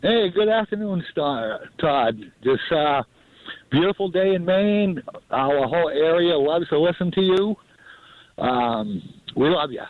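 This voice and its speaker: A man's voice: on the high side, expressive, a little slow, no room sound. A man calling in to a radio show, talking in an earnest, rambling way. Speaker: caller. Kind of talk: call-in chat. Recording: tinny dry phone line.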